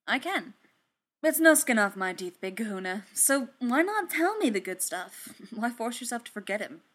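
A woman's voice: fairly high pitch, sing-song, moderate pace, a bit bright. Woman doing a brash pushy inventor guy. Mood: insistent. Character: brash sarcastic male inventor, quick and pushy.

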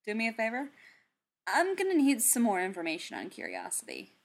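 A woman voicing a patient male soldier who speaks softly, firmly and precisely. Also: fairly high pitch, fairly quick, gravelly, full character voice. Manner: soft, firm and even. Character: calm, patient male soldier, gently firm. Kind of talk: audiobook character reading.

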